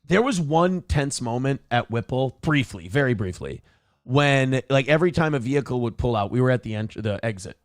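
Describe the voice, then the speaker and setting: Man, morning show host, casual, profane, animated storytelling, dry sound. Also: mid-range voice, normal speed, dry recording. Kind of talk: casual chat. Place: home studio.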